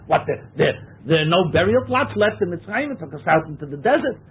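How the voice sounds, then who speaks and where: A man's voice: a little high, sing-song, fairly quick, hardly any pauses, husky. A man teaching a Torah class, translating verses phrase by phrase and stressing key words. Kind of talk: text-study lecture. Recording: tinny phone-like lecture recording.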